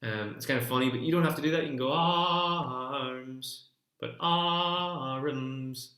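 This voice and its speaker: A man's voice: mid-range voice, very fast. Man teaching folk song in a roomy space. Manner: chatty explanations between sung demonstrations. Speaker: singing teacher. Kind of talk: folk singing lesson.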